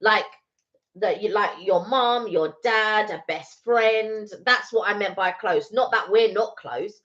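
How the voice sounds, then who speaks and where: A woman co-hosts a casual live stream, telling stories in a loose, rambling way full of fillers and restarts. Her voice sits at an ordinary middle pitch. The sound is muffled and lo-fi. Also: slow, fairly bright tone. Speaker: co-host.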